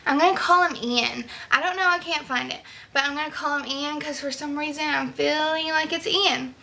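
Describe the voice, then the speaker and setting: A woman's voice: high voice, normal speed, creaky, pushed and bright. A young woman vlogging casual, enthusiastic book reviews, chatty with many fillers and restarts.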